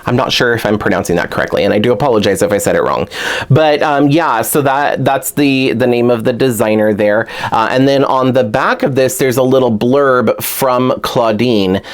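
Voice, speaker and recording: A man talking casually and excitably while unboxing a collector doll, full of fillers like "like" and "um". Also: medium pitch, moderate pace. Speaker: toy collector reviewing a doll.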